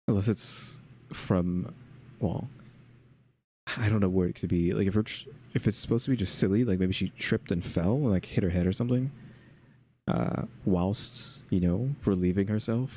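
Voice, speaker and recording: Low, mellow-voiced man commenting wryly. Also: moderate pace, slight background noise. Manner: wry, questioning asides. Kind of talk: casual reaction commentary.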